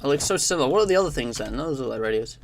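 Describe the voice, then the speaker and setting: A man's voice: medium pitch, animated, racing, background noise. A man giving casual, rambling let's-play commentary, reading on-screen text aloud as he plays. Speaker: gaming YouTuber.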